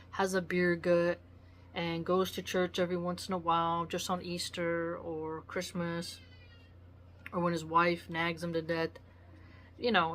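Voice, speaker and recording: A woman giving blunt, preachy solo commentary, lecturing with acted asides. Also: lowish voice. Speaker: vlogger.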